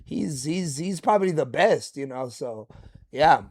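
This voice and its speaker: A man hosting a reaction video, commenting excitedly and casually, often restarting his sentences. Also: fairly high pitch, unhurried. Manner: excitable, lots of fillers and restarts.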